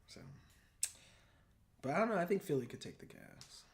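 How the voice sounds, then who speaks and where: A man's voice: a little high, big pitch swings, normal speed. A man co-hosting a casual podcast, talking in laid-back slangy banter and swearing freely. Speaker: podcast co-host. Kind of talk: casual chat.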